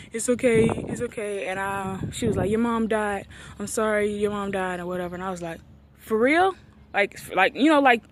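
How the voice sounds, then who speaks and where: A woman in her twenties tells a painful personal story in a casual vlog, recorded outdoors near a street. She acts out the things people said to her. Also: mid-range voice. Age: 20s. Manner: emotional, acts out quoted dialogue. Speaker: vlogger.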